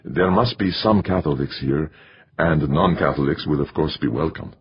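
A man with a low, husky voice voicing a gracious older priest who speaks in a measured, formal way, in a dull lo-fi recording. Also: no echo, heavily acted. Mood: courteous.

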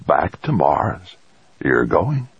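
A feeble old grandfather on his deathbed croaks his words slowly and faintly, voiced by a male narrator. The voice is very deep and gravelly, with a husky edge. The audiobook recording is dry and dull. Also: sing-song, no echo, heavily acted. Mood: faint tender. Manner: slow, faint, breathy and far-off. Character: frail dying old grandfather, mystical.

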